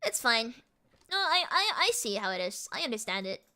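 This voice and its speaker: A young woman streaming and chatting with viewers, talking fast and giggling, with a mixed American and British accent. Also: a little high, sing-song, sharp tone, clean tone. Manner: rapid, giggly, repeats words. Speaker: VTuber streamer. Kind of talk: casual live-stream chat with viewers.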